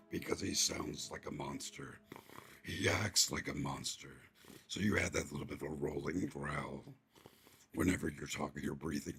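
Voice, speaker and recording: Guy doing a huge snorting monster voice, gravelly growl way down low. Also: full character voice.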